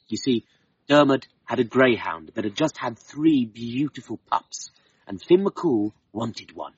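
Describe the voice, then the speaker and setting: A man telling a folk tale in an expressive, dramatic way, slowing down for emphasis. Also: mid-range voice, husky, no room sound. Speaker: storyteller. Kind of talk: oral storytelling of a folk tale. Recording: dull, slightly distant, harp music behind. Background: soft harp music.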